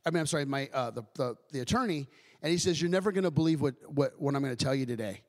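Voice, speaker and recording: A man giving his personal testimony in church as a guest speaker, telling it in an animated way, acting out quoted voices and often restarting his sentences. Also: medium pitch, fast, long reverb tail. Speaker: guest speaker, ministry director.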